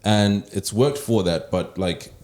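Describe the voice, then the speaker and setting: A man telling his story in a relaxed, casual way, with frequent soft fillers. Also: on the low side, slow. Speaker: podcast guest. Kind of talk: casual conversation. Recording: echoey room with background noise.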